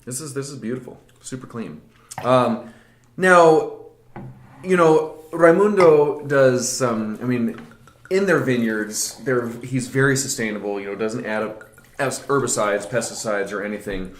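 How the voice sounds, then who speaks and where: A man's voice: mid-range voice, unhurried. Enthusiastic man tasting wine, echoey room. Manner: enthusiastic, animated, with laughter. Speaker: wine show co-host. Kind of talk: casual wine tasting chat.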